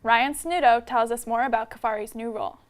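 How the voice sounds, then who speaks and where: A young woman anchor reading a scripted news introduction in an even delivery. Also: on the high side, a little fast. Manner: even, read-aloud delivery.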